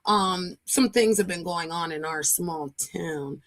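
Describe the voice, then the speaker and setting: A woman hosting a live online chat, casual and animated, who keeps calling people "darling" and "girl". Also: lowish voice, slow, no echo. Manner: animated, playful, says "darling" and "girl" often. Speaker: livestream host. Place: online live audio room.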